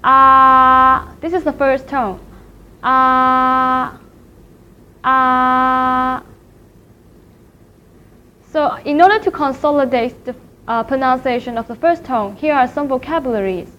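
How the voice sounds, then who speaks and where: A woman teaching a language class in a recorded lecture, speaking slowly and carefully and repeating each syllable to demonstrate it. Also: sits high, animated. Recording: dull lo-fi recording with faint noise.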